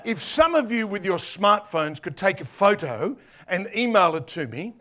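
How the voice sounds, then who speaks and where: A man's voice: high voice, very animated, moderate pace, pushed and bright. An Australian man giving a casual, joking presentation to a conference audience. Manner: chatty and playful, with asides. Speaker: conference speaker.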